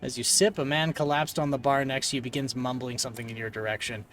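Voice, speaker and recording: A man's voice: medium pitch, quick pace, few pauses, distant mic, faint music behind. A man streaming a text game, reading the narration aloud with joking asides. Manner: animated, joking.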